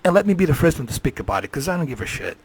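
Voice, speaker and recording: A man's voice: fairly high pitch, very animated, very fast, darkish tone, breathy edge. A man ranting on a live stream, heated and profane, swearing freely.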